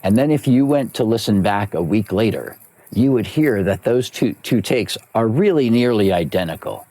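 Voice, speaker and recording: A man's voice: lowish voice, lively intonation, moderate pace, mellow, no room sound. A man who works as a voice actor and coach, explaining his craft in an interview and repeating key phrases for emphasis.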